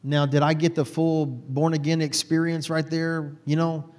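A man's voice: fairly high pitch, level tone, moderate pace, darkish tone, long reverb tail. A man from Texas, a guest telling his personal faith story in an earnest, heartfelt way.

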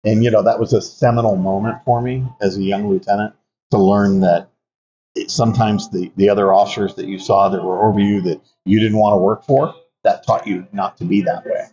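A man's voice: fairly low pitch, steady tone, brisk, dark tone. An older man, an Army veteran, telling reflective stories in an interview, with frequent fillers and restarts. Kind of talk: conversational interview storytelling. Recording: dull lo-fi audio.

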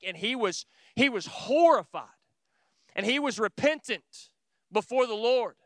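A man preaches with earnest emphasis, firing rhetorical questions at his listeners. His voice sits high for a man and rings bright and smooth. The sound is dry and close. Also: no room sound. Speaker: pastor. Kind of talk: sermon to a small group.

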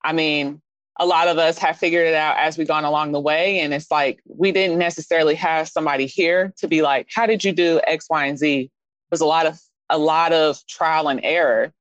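Woman, Midwestern accent, lowish voice, dry close sound, slightly dull, expressive casual chat. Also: a little fast, no room sound. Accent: Midwestern American. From Kansas City, Missouri. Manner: animated, expressive, jumps up in pitch for emphasis. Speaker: fashion designer guest.

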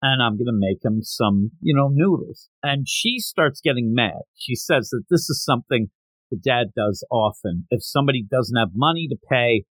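A man's voice: medium pitch, moderate pace, no room sound, rough recording. A man hosting a podcast, chatting casually and acting out the lines of the people in the story he retells. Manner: animated storyteller who acts out quotes. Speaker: podcast host. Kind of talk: casual chat.

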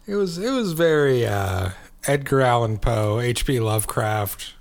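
A man with a mid-range voice and a gravelly fry running through it. He chats easily on a podcast, teasing his co-host and tossing back quick replies. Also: medium pitch, expressive. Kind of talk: casual chat.

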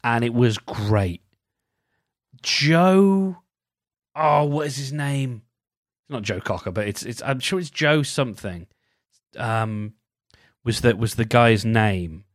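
Rambling British man, chatty and animated. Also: medium pitch, slow pace, long pauses, dry recording, clean studio sound. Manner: rambling, animated, self-interrupting. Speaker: podcast host. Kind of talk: casual solo chat.

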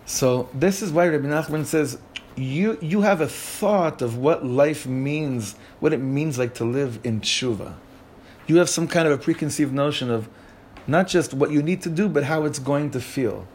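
A man teaching a Torah class conversationally, an animated manner and lots of questions put to the group. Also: on the high side, normal speed, a little hiss or hum. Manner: animated, asks the group questions, many restarts.

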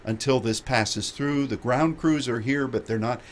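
A man's voice: mid-range voice, moderate pace, close to an everyday voice. A man voicing a young male airport staffer making a formal, apologetic announcement.

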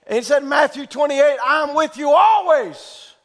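A man preaching a fervent sermon, his voice sitting unusually high for a man. He often pushes into shouting as he preaches. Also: lively intonation, moderate pace.

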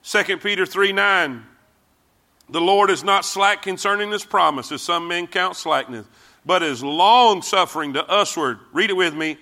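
A man's voice: sits high, moderate pace, sharp tone. A man preaching a sermon, emphatic and repetitive, leading the congregation to read verses with him. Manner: emphatic, repeats phrases, calls congregation to respond.

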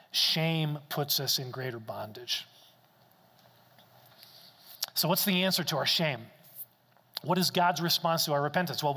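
A man's voice: on the high side, pushed and bright, in a large hall. A man preaching a sermon as a pastor, emphatic and repeating key phrases for stress.

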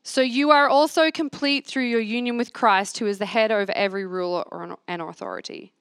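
At a church gathering, a woman's earnest sermon mixes scripture reading with call-and-response, as she has the room repeat affirmations back to her. She speaks fairly quickly in a mid-range voice with a clean, fairly bright tone, in clean studio sound with no room sound.

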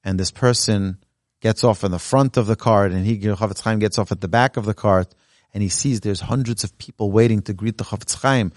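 A male rabbi delivers a Torah talk in a fairly low voice, earnest and exhortative, lifting his pitch for emphasis as he tells a story. The sound is close and dry, with little room echo. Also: fairly quick, a little mellow. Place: Torah learning center, indoors. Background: live audience present.

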